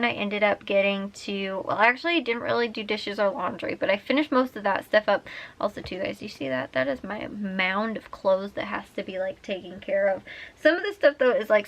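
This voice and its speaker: A young woman chatting in a rambling casual vlog from her bedroom at night, full of "like" fillers and quick laughs. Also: fairly high pitch, creaky, fairly bright tone. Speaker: vlogger.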